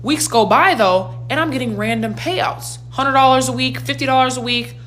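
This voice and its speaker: A woman in her twenties telling a storytime in a slangy, animated way with big reactions. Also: sits high, normal speed, a little hiss or hum. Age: 20s. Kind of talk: storytime vlog.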